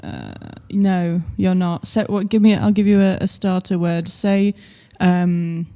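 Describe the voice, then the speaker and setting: A woman comedian chats as a podcast guest. She teases with dry, deadpan jokes in a playful way. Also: medium pitch, a little slow. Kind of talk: casual chat.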